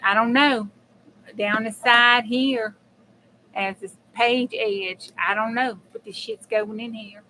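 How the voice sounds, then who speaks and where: A woman's voice: on the high side, fairly even intonation, slow, sharp tone, slight background noise, rough recording. A woman hosting a casual live crafting chat, chatty and blunt, swearing freely and talking straight to her viewers. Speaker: crafting channel host.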